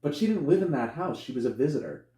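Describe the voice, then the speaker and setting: Animated, swearing man in an echoey room. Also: fast. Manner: animated retelling, acts out characters with sudden high yelps, swears freely. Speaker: podcast co-host. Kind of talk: casual movie review chat.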